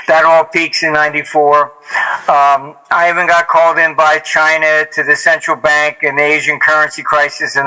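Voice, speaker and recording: A man's voice: a little high, pushed and bright, low-quality recording. An older man, a former hedge fund manager, telling anecdotes as an interview guest in a rambling, casual way with many fillers and restarts.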